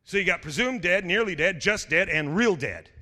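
Fiery high-voiced preacher in a reverberant hall. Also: male voice, moderate pace. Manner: animated, stammering restarts, shouted exclamations, jokey asides. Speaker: pastor. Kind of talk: energetic sermon.

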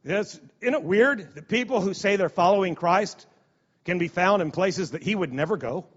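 A man's voice: high voice, lively intonation, normal speed, slightly rough. A male pastor preaching a sermon in a conversational, repetitive way, often restarting his sentences. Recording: dull sound with long hall reverb.

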